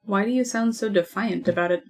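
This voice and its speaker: Cheerful young female adventurer, played by a woman; warm teasing reads. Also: medium pitch, a little fast, faint music behind, natural voice. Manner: friendly, teasing. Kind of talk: tabletop role-play.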